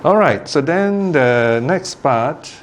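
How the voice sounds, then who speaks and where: A man giving a dharma talk, telling a parable in a lively, animated way and often laughing. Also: a little high, slow pace, slight background noise. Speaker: Buddhist teacher.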